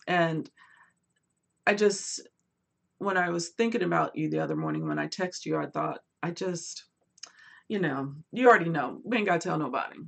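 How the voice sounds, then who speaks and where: A woman hosting a casual book livestream, chatting animatedly and reading viewer comments aloud, swinging between lively bursts and quiet asides. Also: sits low, normal speed, gravelly, husky. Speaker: booktube host.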